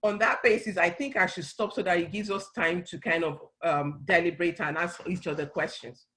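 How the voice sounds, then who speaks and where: A woman's voice: on the low side, steady tone, fairly quick, a bit bright, rough recording. A middle-aged woman speaking on a church talk panel, earnestly explaining and often restarting her phrases. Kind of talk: conversational teaching talk.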